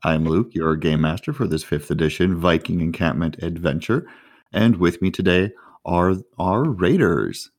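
A man hosting and narrating a tabletop game as game master, relaxed and joking. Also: low-pitched, normal speed, no room sound, clean studio sound. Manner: relaxed, joking, plugs the channel.

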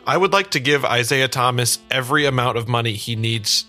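A young man with a bright, forward voice trades deadpan jokes on a casual sports podcast. Faint music sits underneath. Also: medium pitch, a little fast. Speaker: podcast co-host.

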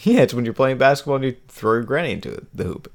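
Jokey man, lively delivery. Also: medium pitch, fast. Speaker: podcast co-host. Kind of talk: casual chat.

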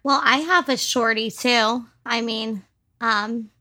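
A woman co-hosting a podcast who tells her story in loose, chatty casual talk. Her voice is bright and forward, with a giggly ease and plenty of fillers. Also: fairly high pitch, fairly even intonation, slow pace. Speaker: podcast co-host. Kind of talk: casual chat.

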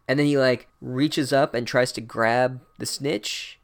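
A man's voice: medium pitch, steady tone, measured pace, vocal fry. A man giving an irreverent, sarcastic comedic recap of a book, casual and full of asides.

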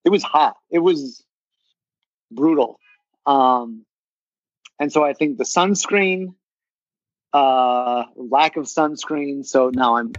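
A man's voice: on the high side, no room sound. A man chatting casually as a podcast guest, rambling and leaning on filler words. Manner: rambling, full of "like". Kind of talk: casual chat. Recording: dry, muffled lo-fi audio.

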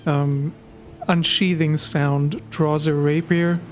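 A woman playing a tabletop game, describing her character's moves haltingly. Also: deep voice, fairly even intonation, slight background noise. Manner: halting, with fillers. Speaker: player.

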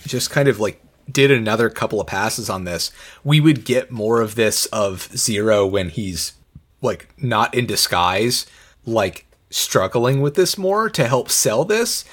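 A man's voice: lowish voice, animated, measured pace, fairly bright tone. A man co-hosting a podcast in casual conversation, rambling with many fillers and the odd swear word. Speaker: podcast co-host reviewing an anime.

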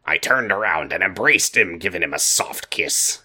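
A deep-voiced male pirate drags out every line, as a man voices him. The tone is husky and low, with a bright edge. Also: animated, heavily acted. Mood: drawling. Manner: drawn-out, deepened delivery.

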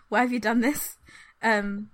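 A woman's voice: on the high side, slow. A woman voicing an indignant male duke who demands answers in a short quoted exchange. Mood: exasperated. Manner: exasperated, incredulous.

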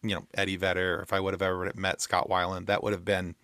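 A man hosting a casual interview, reacting with quick, enthusiastic comments. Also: deep voice, completely flat delivery, pushed and bright. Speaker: host.

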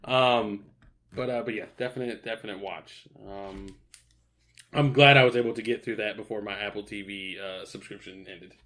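Laid-back young man, bright voice. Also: on the low side, fairly even intonation, moderate pace. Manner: laid-back, swears often, lots of fillers and restarts. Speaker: podcast co-host. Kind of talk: casual chat.

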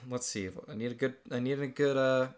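A man's voice: medium pitch, steady tone, brisk. A young man reading aloud his own childhood comic book in casual chat, amused and laughing often.

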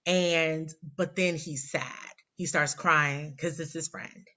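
A woman's voice: sits low, steady tone, slow, pushed and bright, muffled recording. A woman in her forties, a poet guest telling a rambling, candid, self-deprecating story in casual interview chat. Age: 40s.

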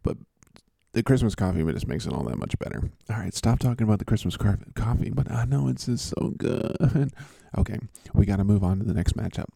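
A man's voice: lowish voice, lively intonation, a little fast, creaky, warm tone, no echo. A man hosting a casual chat, joking and rambling with a teasing manner. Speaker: host.

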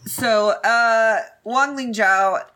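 A woman co-hosting a casual podcast, animated and joking crudely while discussing a novel. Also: a little high, drawn-out words. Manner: animated, laughing, crude jokes. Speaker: podcast co-host. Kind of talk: casual chat reading a novel aloud.

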